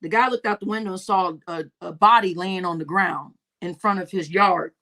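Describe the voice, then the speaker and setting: A woman's voice: fairly low pitch, normal speed, pushed and bright. A young woman hosting a casual livestream, reading comments, laughing often and telling stories with lots of cursing. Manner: laughing, profane, storytelling with acted quotes. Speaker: livestream host.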